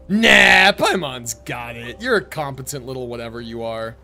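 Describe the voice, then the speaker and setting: A man's voice: medium pitch, expressive, moderate pace, creaky, few pauses, bright, forceful tone. A man live-streaming a video game, joking and rambling through casual commentary with plenty of swearing. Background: game music.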